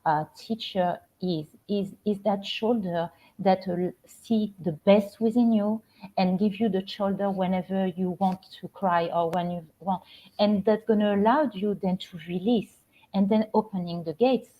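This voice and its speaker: French-accented woman, middle-aged, live from home on a webcam, unhurried and soft, lots of restarts. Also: medium pitch. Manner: gentle, halting, with many restarts. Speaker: spiritual coach hosting a live stream. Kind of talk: casual live-stream talk. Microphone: computer or phone camera on a live stream. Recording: slightly dull lo-fi stream audio.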